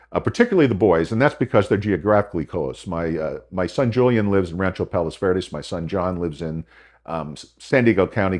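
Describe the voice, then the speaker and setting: A man's voice: on the low side, darkish tone. An older man hosting a podcast, giving advice in a rambling, emphatic monologue with emotional asides. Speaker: podcast host.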